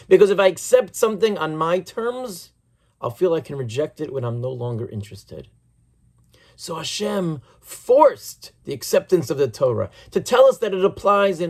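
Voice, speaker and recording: A rabbi giving a sermon, telling stories earnestly in a measured, reflective way. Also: male voice, high-pitched, a little mellow.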